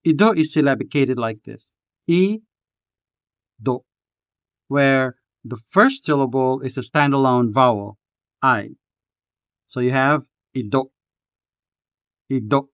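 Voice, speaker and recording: Slow, careful male language tutor. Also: mid-range voice, a bit bright, clean tone, no echo, dull audio. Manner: slow, careful, spells out syllables. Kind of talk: scripted lesson narration.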